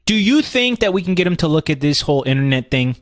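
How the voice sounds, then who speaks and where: A man with a higher, lively voice makes wry, teasing remarks as a podcast co-host. The sound is dry and close. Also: fast, no echo. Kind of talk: casual chat.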